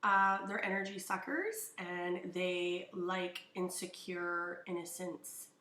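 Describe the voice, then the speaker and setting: A woman's voice: lowish voice, slow pace, sharp tone. A woman co-hosting a casual podcast, speaking in a blunt, outspoken way and swearing freely. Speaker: podcast co-host. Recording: echoey room.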